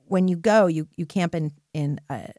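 A woman's voice: lowish voice, moderate pace, mellow, dry recording, clean studio sound. A woman podcast host and life coach telling a personal story in an earnest, emphatic way, often checking in with "right?".

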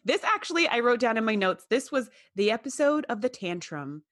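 A woman's voice: on the high side, very animated, a little fast, fairly bright tone, dry recording, clean studio sound. A woman co-hosting a casual podcast, chatty and fond of acting out characters' lines. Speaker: podcast co-host.

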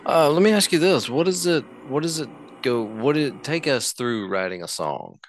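A man hosting a music podcast, asking questions in a halting way, searching for his words. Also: mid-range voice, animated, a little hiss or hum. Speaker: podcast host. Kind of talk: interview questions.

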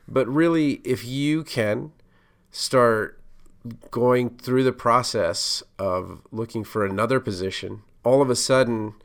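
A man's voice: medium pitch, slow pace, gravelly, smooth. A man hosting a podcast, giving casual career advice in a conversational, loosely rambling way full of asides.

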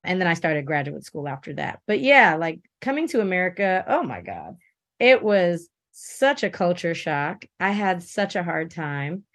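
A woman from Belize, the interview guest, telling her story in an animated, expressive way. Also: fairly low pitch, normal speed, hardly any pauses, no echo, studio quality. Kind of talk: casual interview conversation.

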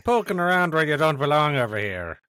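A man's voice: on the high side, sing-song, fairly quick, sharp tone, smooth, no echo, studio quality, pitched above the performer's own voice. A man voicing a blustery old Irish cop with an exaggerated sing-song lilt. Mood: mocking.

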